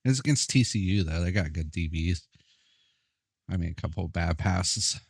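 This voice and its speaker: A man's voice: sits low, expressive, normal speed, gravelly, husky, no room sound, studio quality. A young man chatting casually while playing a football video game, laid-back, profane and often laughing. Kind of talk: casual gameplay chat.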